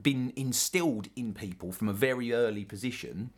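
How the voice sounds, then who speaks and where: A man's voice: medium pitch, moderate pace. A man with a London accent, talking through ideas in a casual discussion, reflective and rambling with asides.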